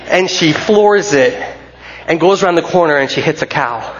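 A man preaches to his church in a loose, chatty way, circling back on his own sentences and tossing in asides. His voice sits a bit high for a man. The recording is muffled and lo-fi, picked up from a stage microphone. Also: unhurried, fairly bright tone. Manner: conversational, rambling with restarts and fillers. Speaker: pastor. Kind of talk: sermon. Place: church sanctuary.

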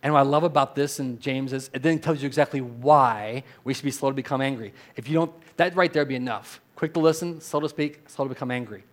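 An earnest man preaching a sermon from the pulpit, his voice sitting at an ordinary middle pitch. He drops to a quiet, reflective tone, then builds to loud, emphatic repeated phrases, and leads the congregation in saying lines back to him. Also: fast talker, hardly any pauses. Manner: leads the congregation in call-and-response. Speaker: pastor.

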